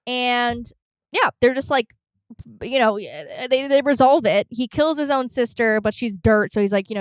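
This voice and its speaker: A young woman co-hosting a podcast in casual chat, animated, crude and joking, acting out characters as she retells scenes. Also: on the high side, normal speed, smooth, dry recording, studio quality. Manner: animated storyteller, crude humor, acts out characters. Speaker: podcast co-host.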